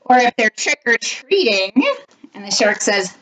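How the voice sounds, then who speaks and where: A woman reading a picture book aloud to children, animated and laughing often. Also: fairly high pitch, measured pace, a little hiss or hum. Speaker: storytime reader.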